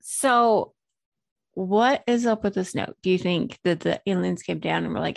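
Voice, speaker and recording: A woman's voice: lowish voice, unhurried, creaky, no room sound. A woman co-hosting a casual podcast, chatty and a bit sweary, breaking into silly sound effects. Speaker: podcast co-host. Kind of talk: casual chat.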